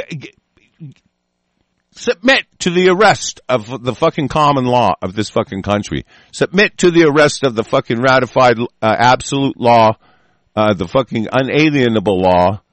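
A male host in a furious, profane rant who keeps stumbling over and restarting his phrases. His voice sits in an ordinary middle pitch, recorded dry and close with no room sound. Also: no echo. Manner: heated, profane, repeats and restarts.

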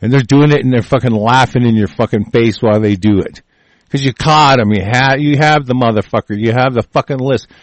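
A man's voice: mid-range voice, fairly quick, dry recording. A man rants into the mic in a furious, profane tirade, swearing at every turn and tripping over his own words. The sound is completely dry, with no room behind it. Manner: angry, crude, swearing constantly, repeats and restarts. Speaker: show host. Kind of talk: profane political rant.

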